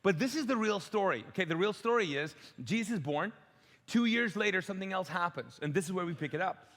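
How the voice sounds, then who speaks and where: A man's voice: high voice, lively intonation, a little fast, fairly bright tone. A middle-aged man from the Middle East, preaching a sermon as a pastor in a church auditorium, conversational and joking, acting out voices. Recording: long hall reverb.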